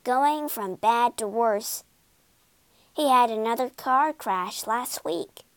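A woman's voice: on the high side, takes it slowly, fairly bright tone, clear, resonant tone, no echo. A woman voicing a loyal, anxious male water rat who talks with worry. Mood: worried.

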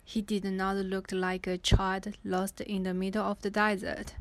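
A woman reading a book aloud and explaining it in a careful, unhurried way with pauses and fillers. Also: mid-range voice, flat delivery, no room sound. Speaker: reader and explainer.

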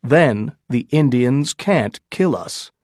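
A careful, commanding expedition leader from a storybook, put on by a man narrator. He sounds firm and steady, with a lively pitch. The recording is close and dry. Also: takes it slowly, no echo.

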